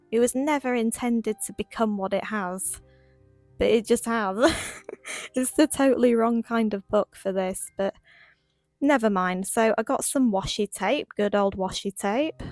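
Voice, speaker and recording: A woman talking through her crafting in a casual voiceover, rambling and quick, laughing at herself. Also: medium pitch, darkish tone, no room sound. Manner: rambling, quick, self-deprecating. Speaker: crafting vlogger.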